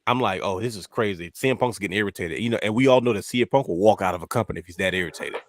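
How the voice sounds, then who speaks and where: A man's voice: lowish voice, very fast, dry recording, clean studio sound. A man co-hosting a podcast in casual chat, telling stories with animation and acting out his own reactions. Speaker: podcast co-host.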